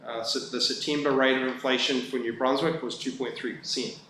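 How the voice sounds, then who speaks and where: Male staffer, mid-pitch, halting council presentation, booming chamber echo. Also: steady tone, sharp tone. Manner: halting, many fillers and restarts. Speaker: town staff presenting budget. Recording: very echoey room, faint background noise.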